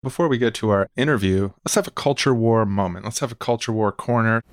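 A man's voice: lowish voice, fast, a little hiss or hum. A man co-hosting a podcast, explaining terms and chatting in an earnest way. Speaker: podcast co-host. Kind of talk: casual podcast chat.

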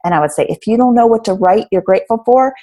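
Fast and fairly high-pitched but dark in tone, a woman life coach in her thirties or forties reflects earnestly on rebuilding her life during a relaxed podcast chat, peppering her words with "um" and "like".

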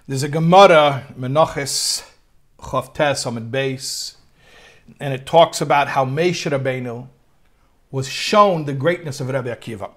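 A man teaching a text study class, reading passages aloud and translating them line by line, with lively rises when he quotes. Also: mid-range voice, unhurried. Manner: reads Hebrew text then translates line by line; animated, voice rising when quoting. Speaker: Torah teacher.

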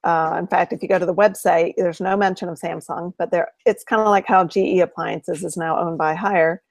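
A woman's voice: on the low side, steady tone, brisk, gravelly, dry recording. Woman co-host, conversational, recaps news items; dry, close audio. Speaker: co-host of an appliance repair show. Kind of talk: casual chat.

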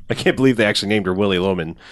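A man chatting casually about a movie with friends, laughing and acting out scenes in quick quoted voices. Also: on the low side, dry recording, studio quality.

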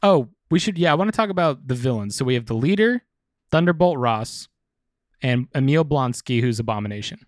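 Man, podcast co-host, casual rambling chat, mid pitch, dry close sound. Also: expressive, fairly quick, no echo. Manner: rambling, chatty, swears. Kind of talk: casual chat about comics.

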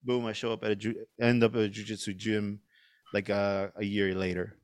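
A man's voice: fairly low pitch, flat delivery, moderate pace, clean tone, no room sound. A middle-aged man, a podcast guest, telling a story casually with lots of fillers and swearing. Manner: rambling, profane, lots of fillers.

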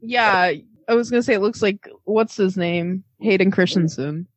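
A woman's voice: medium pitch, dry recording. A woman co-hosting a casual podcast, giggling often and chiming in with short remarks. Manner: giggly, quick to laugh. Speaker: podcast co-host. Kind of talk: casual chat.

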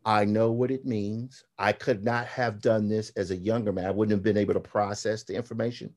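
A man's voice: fairly low pitch, a little fast. A man in his fifties, a graphic novelist and podcast guest, telling stories animatedly and acting out the quotes. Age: 50s. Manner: animated storyteller, acts out quotes. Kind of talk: casual podcast conversation.

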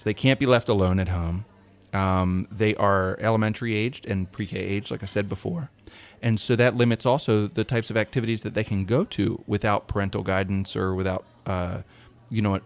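A man co-hosting a podcast, telling lively stories in casual chat and laughing often. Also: fairly low pitch, moderate pace. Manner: animated storyteller, laughs often. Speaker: podcast co-host.

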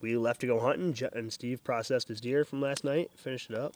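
A man's voice: medium pitch, fairly even intonation, fairly quick, darkish tone, slight background noise. Easygoing guy telling the day's hunt story, casual cussing, plain mid voice. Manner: laid-back storytelling, swears casually. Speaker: hunting trip host. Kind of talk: casual recap chat.

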